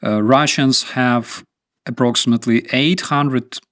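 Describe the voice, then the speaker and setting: A man talks slowly and unhurriedly, chatting with his stream audience. His delivery rambles and turns darkly sarcastic. The sound is dry and close, with no room echo. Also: mid-range voice, a bit bright. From Ukraine. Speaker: streamer host. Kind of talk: casual live-stream chat.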